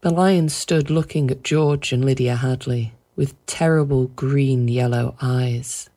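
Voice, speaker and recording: A woman reads a story aloud with a deep, low voice. She tells it in a measured way that lingers on vivid detail. Her delivery stays steady and unhurried through long, flowing sentences. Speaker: narrator. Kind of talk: audiobook narration.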